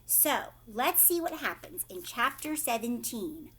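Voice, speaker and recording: A woman teacher reading a chapter book aloud to children, pausing to ask questions in whispered asides. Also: fairly high pitch, animated, slightly rough.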